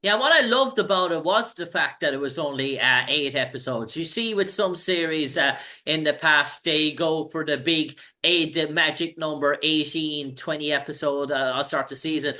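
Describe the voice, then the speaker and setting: A man's voice: on the high side, normal speed, hardly any pauses, pushed and bright. An Irish man hosting an interview, asking long, rambling questions in a casual chat. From Ireland. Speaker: interview host.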